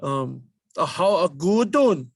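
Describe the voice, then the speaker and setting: A man teaching a language lesson, drilling vowel sounds slowly and repeating each word patiently. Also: on the high side, big pitch swings, vocal fry, slightly rough, no room sound, studio quality. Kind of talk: slow spoken language lesson.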